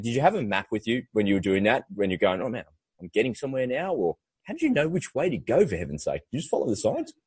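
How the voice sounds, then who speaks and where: Husky-voiced male interviewer. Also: fairly low pitch, darkish tone. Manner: chatty, rambling questions, laughs along. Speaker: podcast host, interviewer. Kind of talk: conversational interview.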